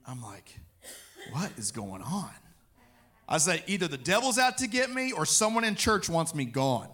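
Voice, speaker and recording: A man preaching a personal testimony, telling his story in an animated way and acting out what he said. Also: a little high, normal speed.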